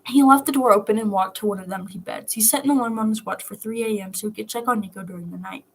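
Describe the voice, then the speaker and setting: A woman narrating a fan fiction story aloud. Her voice is breathy and soft, at an ordinary pitch. She reads in a steady, even way. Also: fast, rough recording.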